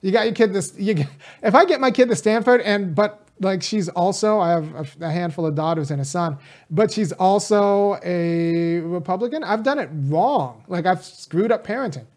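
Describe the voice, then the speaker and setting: A man's voice: sits high, expressive, moderate pace, a little mellow. A man from California who teaches college, speaking to camera in a casual political monologue. He talks with conviction, addresses his viewers directly and wanders into rambling asides.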